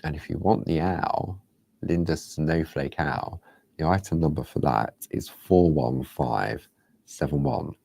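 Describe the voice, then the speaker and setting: A chatty man presents a craft demonstration in a low, gravelly voice. His tone is warm and mellow, and the close recording sounds dry. He rambles loosely and now and then drops into a hushed near-whisper. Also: animated, a little slow, no echo. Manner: chatty, rambling, drifts into soft whispers and laughs at himself. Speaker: craft show host.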